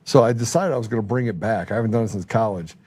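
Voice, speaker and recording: A man chatting casually, telling stories with laughs and quick asides. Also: lowish voice, slightly rough. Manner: laughing, animated storyteller. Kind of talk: casual chat, storytelling.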